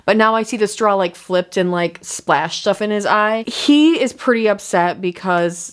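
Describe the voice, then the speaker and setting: A woman's voice: mid-range voice, moderate pace, clear, resonant tone. Chatty woman recapping a reality show. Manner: chatty, loose, heavy use of "like". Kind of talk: casual recap chat.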